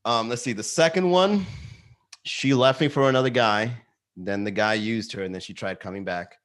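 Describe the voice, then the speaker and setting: Animated comedian host telling stories. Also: male voice, normal speed. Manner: animated storytelling, swearing, jumps into high excited voices for quotes. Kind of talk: casual live-stream chat. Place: Miami.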